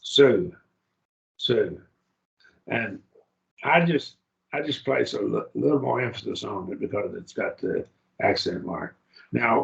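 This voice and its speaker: A man teaching a Greek grammar class, who speaks slowly and repeats each word form aloud to model how it is pronounced. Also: medium pitch, creaky, highs cut off. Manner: slow, repeats words aloud to model pronunciation. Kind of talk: classroom lecture. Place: church classroom.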